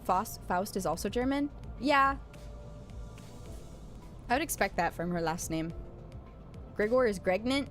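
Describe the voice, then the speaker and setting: A woman's voice: mid-range voice, lively intonation, measured pace, long pauses, soft background music. Joking, crude young woman streamer. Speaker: game streamer. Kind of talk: casual livestream commentary.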